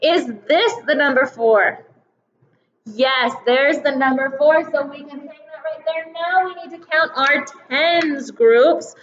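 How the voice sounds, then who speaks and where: A young woman teaching a kindergarten calendar lesson, slow, sing-song and encouraging, stretching out her words. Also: high-pitched, a bit bright, echoey room, highs cut off.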